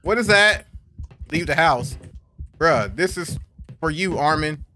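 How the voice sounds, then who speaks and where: A man's voice: fairly high pitch, lively intonation, takes it slowly, bright, forceful tone, slight background noise. A young man gives jumpy, slangy commentary while playing a horror game. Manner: jumpy, swears, slangy reactions. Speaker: gaming YouTuber. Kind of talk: horror let's play commentary. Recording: game music behind voice.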